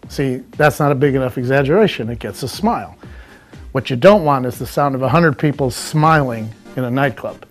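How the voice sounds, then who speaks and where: A man teaching comedy technique in a measured, explanatory, scripted way. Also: mid-range voice, soft background music. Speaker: comedy instructor. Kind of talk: scripted instructional talk.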